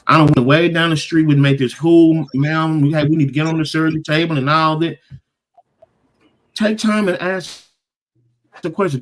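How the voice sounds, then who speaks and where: A middle-aged man co-hosting a casual podcast, reading out viewer comments with lively, preacher-like emphasis. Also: fairly high pitch. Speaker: podcast co-host.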